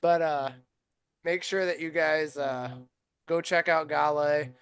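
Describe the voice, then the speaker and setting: A man co-hosting a casual racing podcast, reading sponsor plugs between stories. His voice sits a little on the high side. He launches into lively, animated anecdotes packed with ums and uhs. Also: takes it slowly. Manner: animated storytelling with many fillers. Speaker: podcast host. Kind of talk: casual chat.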